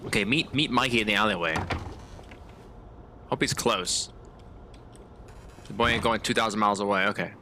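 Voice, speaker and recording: A man's voice: fairly low pitch, normal speed, pauses often, noisy background. A man giving casual gameplay commentary as a streamer, in laid-back slang with chuckling asides. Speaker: game streamer.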